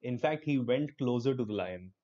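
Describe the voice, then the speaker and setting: A man's voice: medium pitch, lively intonation, normal speed, mellow, dull audio. A young male online English teacher with an Indian English accent, teaching a live class in an upbeat, encouraging way and slipping into Hindi.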